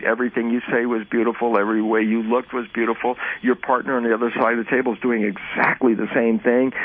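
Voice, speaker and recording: A man of middle pitch with a husky, slightly breathy voice, heard as an interview guest. He explains in a casual way and slips into lively acted-out dialogue. The sound is thin and narrow, like a phone line. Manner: animated, acts out both sides of imagined dialogues.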